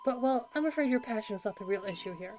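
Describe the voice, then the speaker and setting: A cocky young boy warden, full of grandiose, self-assured boasting, as a woman reads his lines. The voice sits a little high, and game music plays clearly underneath. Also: animated, fast talker, darkish tone, close to an everyday voice. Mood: stern. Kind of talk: reading game dialogue aloud.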